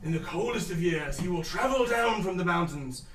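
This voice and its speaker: A man's voice: high-pitched, animated, normal speed, fairly bright tone, roomy sound, poor audio. A man voicing a rambling old male gnome storyteller with a theatrical drawl. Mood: ominous, doddering.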